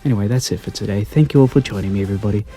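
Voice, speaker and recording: Soft-spoken Australian man, mellow ASMR. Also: lowish voice, rapid-fire, slightly rough, faint music behind. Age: 30s. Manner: gentle, polite and mild, easily delighted. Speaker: gaming channel host.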